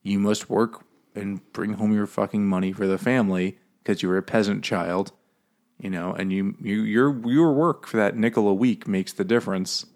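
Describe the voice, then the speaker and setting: A man with a fairly low, darkish voice and fairly even intonation co-hosts a casual book podcast at normal speed. His chat about the book is loose and profane, with frequent laughter and characters acted out.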